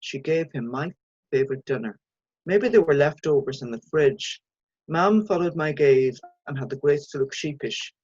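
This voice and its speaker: A woman, an author reading her own short story aloud in a measured, even way. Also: sits low, slightly rough, no room sound, muffled recording.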